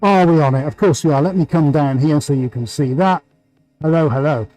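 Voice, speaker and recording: Upbeat British man, mellow voice. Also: fairly high pitch, brisk, faint music behind, poor audio. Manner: upbeat, enthusiastic, full of superlatives. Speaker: artist hosting a painting livestream. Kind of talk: livestream commentary.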